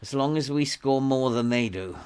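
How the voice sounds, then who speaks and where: An older Welsh man streams a football management game, his clear, resonant voice sitting at a middle pitch with a darkish tone and normal pace. He chats casually throughout, coaxing and scolding his virtual players and chuckling often.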